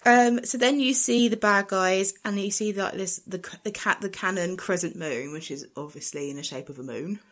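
A woman co-hosting a casual chat, retelling a film scene by scene with lively asides and playful acted quotes. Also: medium pitch, normal speed, few pauses. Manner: animated storytelling with acted quotes and laughter. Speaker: podcast co-host.

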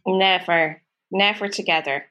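Bright-voiced woman telling a funny story. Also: lowish voice, measured pace. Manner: animated storytelling, laughs often, acts out quotes. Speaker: podcast co-host. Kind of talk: casual chat.

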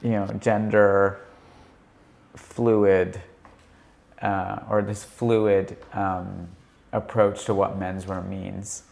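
A man's voice: low voice, level tone, very slow, vocal fry, a little mellow. A man interviewing a guest in a conversational podcast, casual and asking long, rambling questions.

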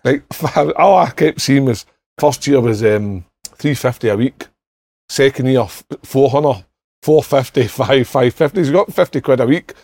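A man's voice: mid-range voice, normal speed, gravelly, a little mellow, no echo. A middle-aged Scottish man telling sweary, laughing anecdotes in casual podcast chat, acting out other people's lines. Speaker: podcast panellist.

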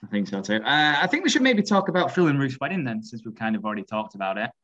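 Male co-host, mid-pitched, loose and sweary, dull recording. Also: very animated, fast, a bit bright. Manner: laughing, swearing freely, storytelling. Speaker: podcast co-host. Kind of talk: casual chat.

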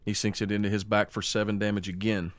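Low-voiced man narrating as game master. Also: flat delivery, dry recording. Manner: vivid, descriptive narration with quick rules calls.

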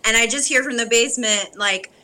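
Bright-voiced woman telling stories. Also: on the high side, fairly quick, rough recording. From New Jersey, USA. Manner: animated storyteller, acts out quotes with laughter. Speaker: guest, actress. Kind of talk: casual interview chat.

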